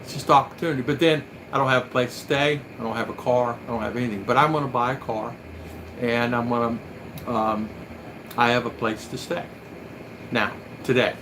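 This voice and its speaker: A man's voice: medium pitch, steady tone, fairly quick, noisy background. A man chatting as a livestream guest, rambling through a personal story in casual anecdotal chat.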